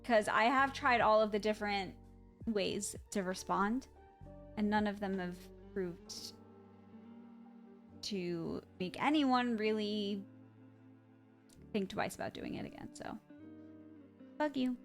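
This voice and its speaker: A woman's voice: mid-range voice, slow pace, pauses often, soft background music. A woman live streamer chatting casually with her viewers, blunt and swearing freely, laughing through her stories.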